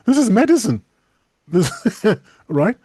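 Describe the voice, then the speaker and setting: A man's voice: high-pitched, slow, slightly rough, no echo. Chatty man with a dry, close sound. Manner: chatty, animated, laughs often, stumbles and restarts. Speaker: co-host. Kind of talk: casual podcast discussion.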